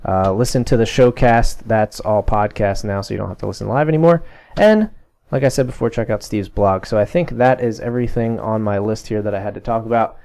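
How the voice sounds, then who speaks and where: A man's voice: on the low side, fairly quick, creaky, darkish tone. A man hosting a casual sports podcast, chatty and full of fillers as he reads off plugs and wraps up the show. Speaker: podcast host.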